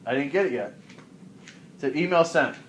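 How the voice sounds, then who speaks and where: A man's voice: a little high, moderate pace, a little hiss or hum. A young man co-hosting a podcast, joking around in casual chat and putting on silly voices. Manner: jokey, playful, puts on silly voices. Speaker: podcast co-host.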